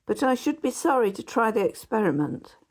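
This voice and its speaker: A woman voicing a gossipy male Victorian barrister neighbour in an audiobook, confiding and hushed at times. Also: a little high, very animated, fairly quick. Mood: gossiping.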